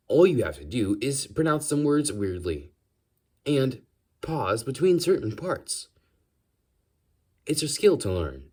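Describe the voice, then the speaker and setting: A man's voice: medium pitch, a little mellow, slightly rough. A man imitating a stilted AI voice. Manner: over-enunciated, odd pauses between words. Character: stilted robotic AI voice, oddly enunciated, pausing. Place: his bedroom. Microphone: phone.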